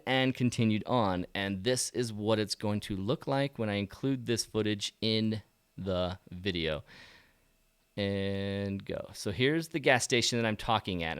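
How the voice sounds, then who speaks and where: A man hosting a casual photography live stream, telling his stories in an animated way and talking to himself. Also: fairly low pitch, smooth. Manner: animated storytelling, talks to himself. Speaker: photography channel host. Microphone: low-quality stream mic.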